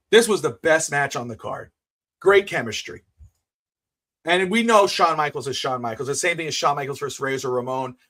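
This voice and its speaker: A man co-hosting a wrestling podcast in casual chat, blunt and excitable, dropping to mutters and rising to near shouts. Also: fairly high pitch. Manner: profane, blunt opinions. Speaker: podcast co-host.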